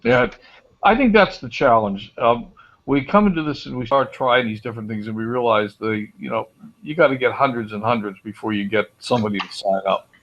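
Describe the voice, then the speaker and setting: A man's voice: medium pitch, a little fast, fairly bright tone, dull audio. A man hosting a small online group chat, talking in an easygoing, chatty way with restarts. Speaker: group host.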